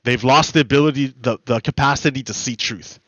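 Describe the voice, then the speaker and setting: A man's voice: medium pitch, brisk, a bit bright, dry recording, muffled recording. A man streaming a game while talking casually, rambling, repeating himself and laughing as he goes. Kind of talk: casual livestream commentary.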